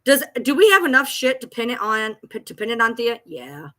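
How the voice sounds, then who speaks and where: A woman's voice: on the high side, very animated, a little fast, bright, forceful tone. A woman at home ranting on a livestream, agitated and profane, repeating herself as she talks back to critics. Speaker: TikTok creator. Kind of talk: livestream rant.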